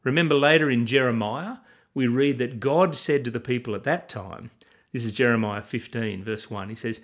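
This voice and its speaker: A man's voice: medium pitch, moderate pace. A man teaching from the Bible in a sermon style, earnest and asking his listeners questions.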